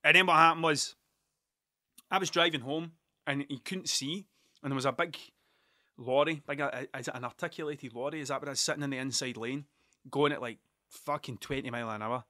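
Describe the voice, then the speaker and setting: A man's voice: medium pitch, fairly even intonation, a little fast, pushed and bright, dry recording, clean studio sound. A Scottish man in his thirties, telling stories in a casual, rambling way, often swearing and interrupting himself. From Scotland. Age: 30s. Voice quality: sweary, digressive, self-interrupting. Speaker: vlogger.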